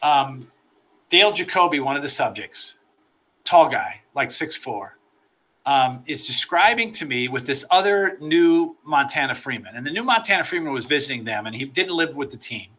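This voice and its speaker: Animated storyteller with a bright, forceful voice. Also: male voice, medium pitch, moderate pace. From United States. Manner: animated storyteller, repeats words when starting sentences. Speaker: interview guest, former FBI agent. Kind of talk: storytelling in a podcast interview.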